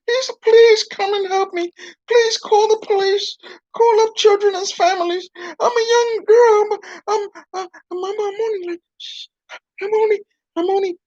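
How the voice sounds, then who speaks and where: A man's voice: very high voice, voice pushed up. A man voicing a whiny, melodramatic young girl puppet who wails and complains, on a dull, dry lo-fi recording.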